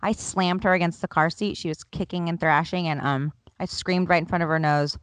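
A woman with a lowish voice recounts a parenting story in a vivid, self-deprecating way. The sound is dry and close, with no room around her. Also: fairly even intonation, fairly quick, few pauses, no room sound. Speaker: podcast co-host. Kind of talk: casual storytelling.

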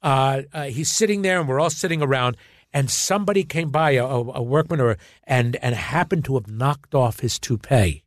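A man, a guest actor, telling stories in casual chat, animated, repeating words and acting out quotes. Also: mid-range voice, moderate pace, no room sound, clean studio sound.

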